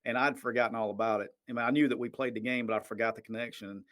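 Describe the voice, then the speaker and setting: A man's voice: mid-range voice, fairly even intonation, rapid-fire, fairly bright tone. A man, hosting a casual podcast interview and sharing anecdotes. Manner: easygoing, chatty anecdotes. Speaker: podcast host.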